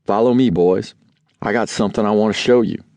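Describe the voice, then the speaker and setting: A man voicing a steady, commanding father who hunts, giving quiet, firm instructions. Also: deep voice, unhurried, dry recording. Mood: brisk. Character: gruff Southern father, a hunter, steady and commanding.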